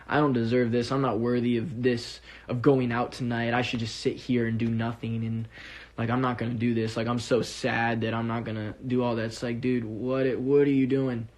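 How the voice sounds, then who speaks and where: A young man talking to his fans on a livestream in casual, heartfelt monologue, earnest and rambling, with many fillers and restarts. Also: mid-range voice. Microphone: phone or webcam on a livestream.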